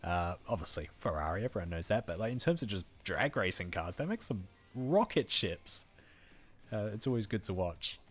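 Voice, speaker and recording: Man, Australian accent, lowish voice, casual gaming stream chat, laughs a lot. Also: sing-song, normal speed, slightly rough, soft background music. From Western Australia. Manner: chatty, laughs often, thanks viewers by name. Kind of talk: casual live-stream commentary.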